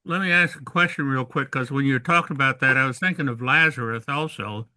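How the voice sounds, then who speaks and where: Bright, dry-sounding man in discussion. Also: mid-range voice, quick pace, no room sound. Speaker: class member. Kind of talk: casual class discussion.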